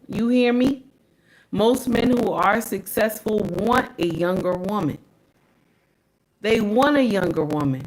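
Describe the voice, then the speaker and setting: A woman hosting a livestream, reacting to clips in sassy, preachy casual commentary and repeating lines for emphasis. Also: medium pitch.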